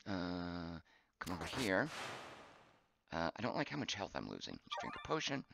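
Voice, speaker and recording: A man streaming a game live, chatting as he plays, reading viewer comments aloud and thinking out loud, his voice getting hoarse. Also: low-pitched, huge pitch swings, normal speed, noisy background. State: voice going hoarse.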